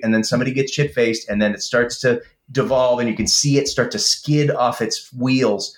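A man's voice: medium pitch, fairly even intonation, normal speed, few pauses. A man co-hosting a casual chat, talking with enthusiasm and rambling with lots of fillers. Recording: roomy echo.

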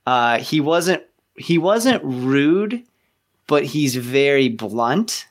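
A man's voice: medium pitch, very animated, very slow. Chatty Southern man, rambling. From American South. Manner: chatty, rambling, self-deprecating. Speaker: podcast guest. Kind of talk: casual chat.

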